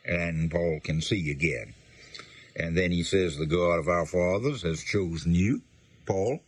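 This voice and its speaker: Male Bible teacher, very low and husky, reads verses then explains them plainly.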